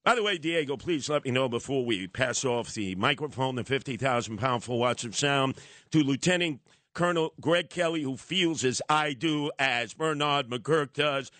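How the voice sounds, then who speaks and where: A male talk radio host, delivering a sarcastic, animated opinion monologue. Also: medium pitch, moderate pace, no room sound. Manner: animated, sarcastic, slips into mocking voices.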